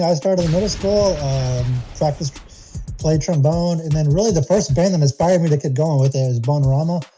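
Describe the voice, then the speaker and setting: A young man talks loosely as a guest, laughing often and rambling through his stories. His voice is dark and mellow, with faint music playing underneath. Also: on the high side. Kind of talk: casual interview chat.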